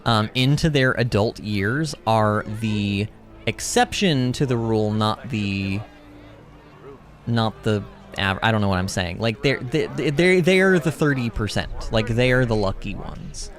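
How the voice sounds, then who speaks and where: A man hosting a gaming livestream, chatting in a rambling, animated way, reading chat and laughing often. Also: lowish voice, measured pace. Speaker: livestream host. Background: game music.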